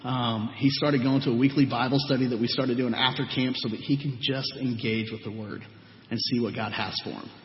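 A man's voice: mid-range voice, fairly even intonation, fairly quick, slight background noise. Man telling stories in an echoey hall. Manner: earnest storytelling, acts out quoted people. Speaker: youth ministry leader. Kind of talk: testimony talk to a gathering. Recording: echoey hall, dull lo-fi sound.

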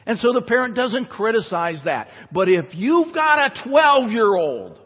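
Male pastor with a high voice and conversational, emphatic sermon delivery in a reverberant church. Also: sing-song, measured pace, husky. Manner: conversational preaching with emphatic repetition. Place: church sanctuary. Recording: dull church recording with long reverb.

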